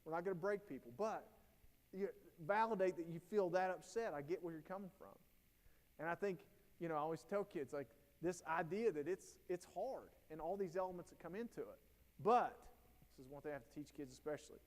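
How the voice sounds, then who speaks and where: A man's voice: on the high side, fairly quick. Folksy male presenter in an echoing hall. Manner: conversational, folksy, anecdote-driven. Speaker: presenter at a teacher training day. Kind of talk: storytelling professional development talk. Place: school auditorium or hall.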